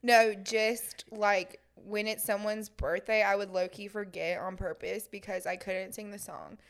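A woman in her twenties chatting as a podcast guest, telling animated stories and laughing often. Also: medium pitch, a little slow. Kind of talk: casual podcast chat.

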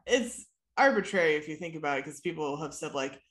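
A woman's voice: low voice, animated, brisk. Brief: congested Midwestern woman, nasal tone, chatty podcast co-host with dry asides. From Michigan. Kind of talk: casual chat.

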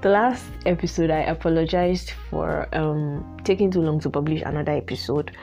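Young woman, Nigerian accent, solo podcast host, lowish voice, soft music behind. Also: moderate pace, vocal fry. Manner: chatty and apologetic, frequent "like" fillers and laughs. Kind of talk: casual solo podcast chat.

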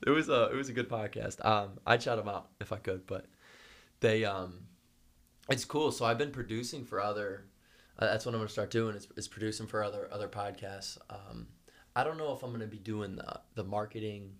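On a studio microphone, this young podcast co-host keeps things casual and lively, with frequent laughter and plenty of swearing. He speaks briskly in a lowish, slightly bright voice.

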